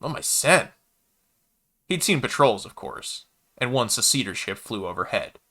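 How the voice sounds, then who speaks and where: A man narrating a sci-fi story in a steady, measured reading voice. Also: mid-range voice.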